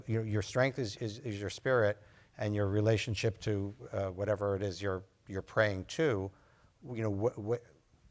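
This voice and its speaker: A physician giving a conversational lecture to nurse practitioners, loose and anecdotal, acting out his talks with patients. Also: on the low side. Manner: loose and anecdotal, full of fillers, acts out patient dialogue.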